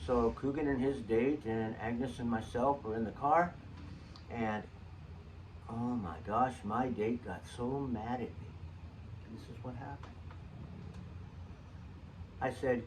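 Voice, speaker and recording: A man's voice: medium pitch, fairly even intonation, takes it slowly, pauses often, a little mellow. An older man telling chatty, jokey stories about old ticket stubs, drifting off topic as he goes. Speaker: vlogger sharing saved ticket stubs. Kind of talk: rambling personal storytelling. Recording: distant mic with faint background noise.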